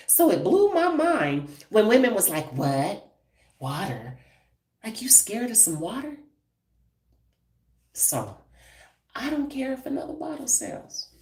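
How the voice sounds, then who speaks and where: Blunt hairstylist in her fifties, low voice, live-stream talk, echoey room, distant mic. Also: a little mellow. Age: 50s. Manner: blunt, emphatic, talks straight to viewers. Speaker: hairstylist and brand owner.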